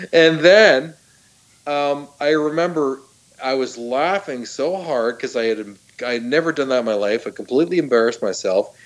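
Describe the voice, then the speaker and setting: A middle-aged man, a talk show guest, excitedly retelling a personal story with frequent laughs, restarts and fillers. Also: medium pitch, measured pace, long pauses.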